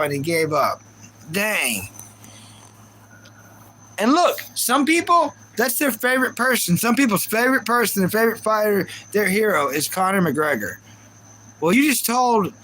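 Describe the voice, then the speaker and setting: A man's voice: sits high, sharp tone, slight background noise, poor audio. A man hosting a casual live stream, ranting in reaction and repeating himself while talking to his chat viewers. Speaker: livestream host.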